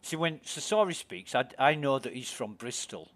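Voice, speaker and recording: A man's voice: mid-range voice, very animated, moderate pace, a bit bright. A British man chatting casually while streaming a game, curious and full of questions for his friends. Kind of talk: casual chat while gaming.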